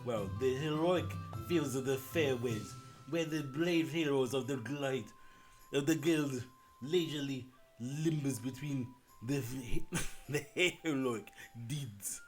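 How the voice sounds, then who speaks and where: A game streamer reading grand game narration in a halting mock Polish accent. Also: mid-range voice, darkish tone, soft background music, natural voice, poor audio. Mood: grandiose. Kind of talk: video game voice acting while streaming.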